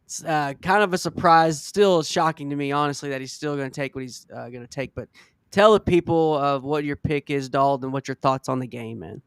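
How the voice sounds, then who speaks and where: A man's voice: a little high, brisk, clear, resonant tone, dry recording, clean studio sound. A man hosting a casual sports podcast, rambling a bit and saying "man" often. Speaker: podcast host.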